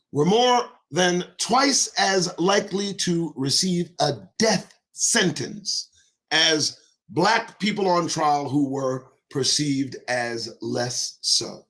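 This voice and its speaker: A man's voice: fairly high pitch, a bit bright. A middle-aged man reading a report aloud and breaking off into fiery commentary, repeating key lines and firing pointed questions at his listeners.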